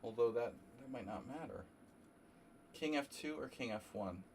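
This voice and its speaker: A man from New Jersey streaming a chess simul, thinking aloud in a halting, casual way and coughing now and then. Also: medium pitch, expressive, slight background noise. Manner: halting, muttering through chess moves with fillers.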